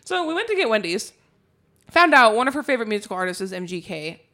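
A woman's voice: fairly high pitch, big pitch swings, fast, a bit bright. A woman co-hosting a podcast, telling a story in casual chat, swearing freely, laughing often and poking fun at herself. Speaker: podcast co-host.

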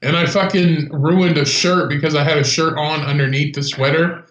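A man's voice: fairly high pitch, fairly even intonation, moderate pace, fairly bright tone. Wisecracking man in an echoey room. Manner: wisecracking, swearing, chiming in. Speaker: podcast co-host. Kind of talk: casual chat.

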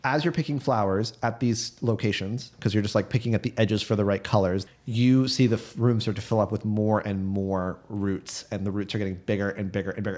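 Young guy gm, talks fast and loose, describes the scene. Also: lowish voice. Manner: quick, relaxed, rambling narration. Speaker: game master. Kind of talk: narrating a tabletop game.

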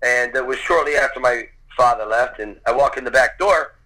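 A man recounts a childhood story in an earnest, conversational way, voicing the people he quotes as he goes. His voice is bright and forceful. The sound is thin, like a phone line or radio broadcast. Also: medium pitch, fairly quick. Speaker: storyteller guest. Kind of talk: personal anecdote, casual storytelling.

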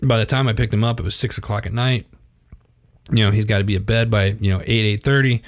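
A man's voice: lowish voice, quick pace. A man in his thirties, a podcast guest, telling stories in a casual interview and acting out quotes in a raised voice. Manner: animated, acts out quotes in a raised voice.

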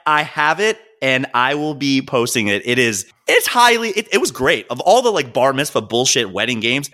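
A man co-hosting a casual podcast, telling stories in an animated way with plenty of swearing and laughter. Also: medium pitch, normal speed. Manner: animated storyteller, swears freely, laughs often. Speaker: podcast co-host. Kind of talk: casual chat.

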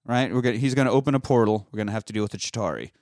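This Austin resident speaks very fast in a darkish, low-leaning voice while recapping a movie with a friend. He rambles, curses freely, and slips into silly voices to quote lines. The studio-quality recording has no echo.

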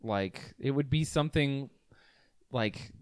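A man's voice: mid-range voice, slow, clear, resonant tone, no echo. A young man co-hosting a podcast in casual chat, laid-back and jokey, often trailing off mid-sentence. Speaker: podcast co-host.

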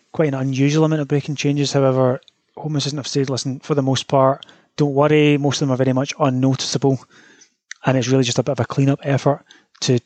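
A man's voice: medium pitch, darkish tone, no echo. A man hosting a casual solo smart-home news roundup in a chatty, informal way, now and then swearing. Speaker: podcast host.

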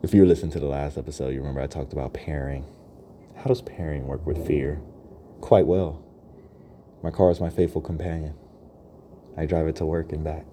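A man's voice: a bass voice, mellow, slight background noise. A young man hosting a podcast, freestyling a reflective, rambling monologue, laughing often and checking in with "right?". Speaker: podcast host.

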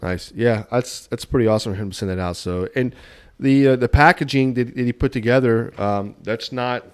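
A man's voice: mid-range voice, brisk, clear, resonant tone. A man co-hosting a podcast in casual chat, rambling and enthusiastic, often restarting his sentences. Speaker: podcast co-host.

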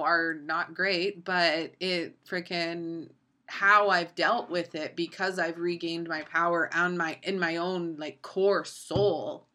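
A woman's voice: fairly low pitch, pushed and bright. A young woman hosting a podcast, speaking in an earnest, profane and encouraging way, full of fillers like "like" and "you know.". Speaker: podcast host. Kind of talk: motivational podcast monologue.

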